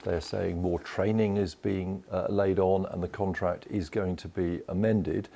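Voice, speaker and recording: Gravelly deep-voiced male news correspondent. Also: flat delivery, unhurried, dark tone. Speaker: health correspondent. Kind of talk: news correspondent live two-way.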